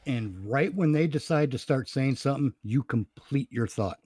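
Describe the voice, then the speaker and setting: A man's voice: medium pitch, moderate pace, a little mellow, dry recording. A man hosting a casual podcast chat, ranting bluntly and swearing freely. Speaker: podcast host.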